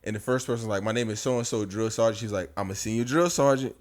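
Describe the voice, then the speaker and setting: A man in his thirties telling army stories in a casual, profane chat. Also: lowish voice. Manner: fast, profane, animated storytelling. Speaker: podcast co-host.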